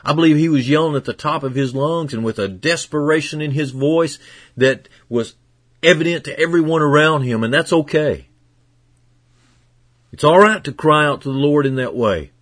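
A man preaching a sermon as pastor, earnest and fervent, moving from hushed passages to loud, emphatic ones. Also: on the high side, normal speed, no echo, clean studio sound.

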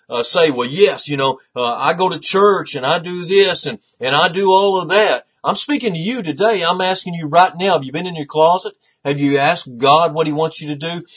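A man's voice: medium pitch, breathy edge. A middle-aged male pastor preaching a sermon, building intensity with pointed rhetorical questions.

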